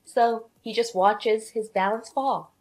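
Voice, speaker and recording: A woman's voice: a little high, steady tone, slow, soft background music, low-quality recording. A woman narrating a scripted drama story in the first person, blunt and sarcastic.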